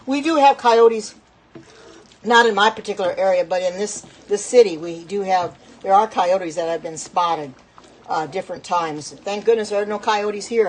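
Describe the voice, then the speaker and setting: A woman's voice: fairly low pitch, slight background noise, rough recording. A middle-aged woman chatting in a rambling, self-correcting way while cooking at her home stove, talking to her viewers. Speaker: home cook. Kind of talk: casual cooking vlog talk.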